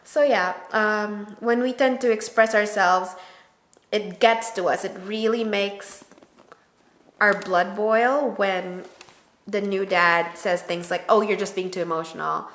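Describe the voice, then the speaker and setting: A woman's voice: medium pitch, slow pace. A woman, a new mother, chatting casually to camera with her husband and acting out remembered conversations. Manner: animated storyteller who acts out quoted dialogue. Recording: roomy echo.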